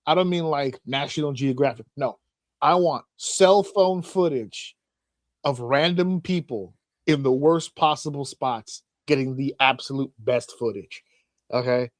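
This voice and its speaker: The recording is studio quality with no echo, capturing a man's medium-pitched voice at a measured pace. He hosts a podcast, telling funny stories casually, acting out voices with animation and laughing a lot.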